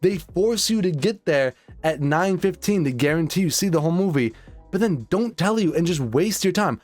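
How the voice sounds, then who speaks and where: A man's voice: sits high, lively intonation, normal speed, a little mellow, soft background music. A young man ranting as a film commentator, exasperated, sarcastic and often profane.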